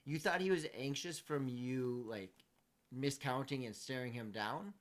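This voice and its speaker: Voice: medium pitch, measured pace. A game master narrating a tabletop game in an easygoing way, with many fillers.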